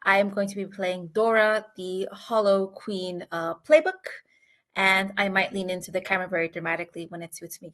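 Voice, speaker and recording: Bright, playful woman player. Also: medium pitch, fairly quick. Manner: playful and theatrical. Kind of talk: casual chat on a game stream.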